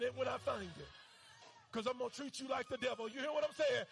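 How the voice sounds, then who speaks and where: High, gravelly-voiced preacher man. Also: quick pace, a bit bright, faint music behind. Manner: fervent, call-and-response preaching. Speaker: pastor. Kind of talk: sermon.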